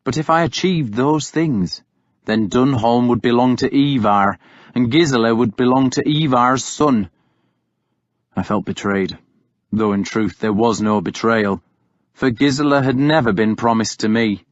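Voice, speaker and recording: A man narrating an audiobook in the first person with a measured, unhurried delivery. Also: medium pitch, no room sound. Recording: dull lo-fi audiobook recording.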